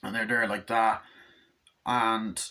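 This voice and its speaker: A man casually retelling a movie scene by scene, rambling and swearing, jumping into excited high voices for the characters. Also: takes it slowly. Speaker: movie reviewer.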